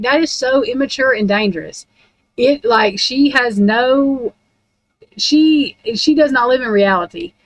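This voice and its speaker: A woman's voice: on the high side, no echo, poor audio. A woman in a casual, rambling rant about true crime, blunt and heavy on profanity.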